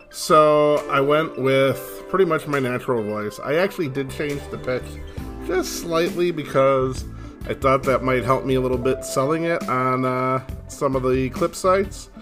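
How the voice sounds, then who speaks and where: A middle-aged man giving a casual, self-deprecating introduction as host, with easy fillers. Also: medium pitch. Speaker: podcast host. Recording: voice over guitar music. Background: guitar music.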